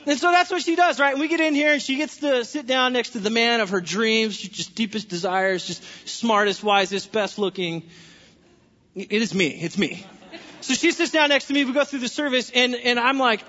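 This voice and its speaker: Delivering a sermon in a church sanctuary, a male pastor speaks briskly in a high, bright, pointed voice. His animated storytelling is playful and full of joking asides. The audio has a long hall reverb and sounds slightly dull and lo-fi.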